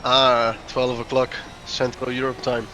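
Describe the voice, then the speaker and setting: A man's voice: mid-range voice, little pitch movement, a little slow, bright, forceful tone, low-quality recording. A man chatting as a guest on a racing stream, with brief and hesitant replies. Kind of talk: casual chat. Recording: noticeable background noise.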